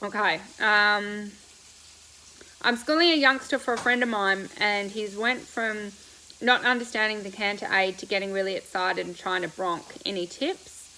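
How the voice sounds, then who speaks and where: A woman's voice: medium pitch, steady tone, sharp tone, a little hiss or hum, low-quality recording. A woman riding coach hosting a casual live question-and-answer stream, chatty and bubbly as she answers viewers while eating breakfast. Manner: bubbly and chatty, quick laughs, loose rambling answers.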